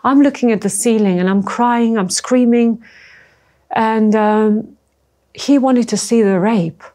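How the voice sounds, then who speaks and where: A woman from former Yugoslavia telling her story in an interview, speaking in halting, emotional bursts and often restarting and repeating words. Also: fairly high pitch, warm tone. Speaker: interviewee, trafficking survivor. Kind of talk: personal testimony in an interview.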